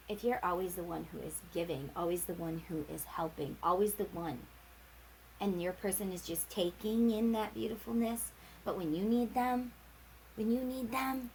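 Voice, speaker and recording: A woman's voice: mid-range voice, slight background noise, low-quality recording. A woman giving a casual tarot reading, chatty and rambling, acting out little quoted exchanges as she talks. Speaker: tarot reader.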